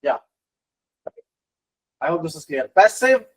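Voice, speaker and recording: Animated man lecturing on business communication. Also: on the high side, slow, husky, poor audio. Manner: animated lecturing, with many fillers and repeated phrases. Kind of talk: live online lecture.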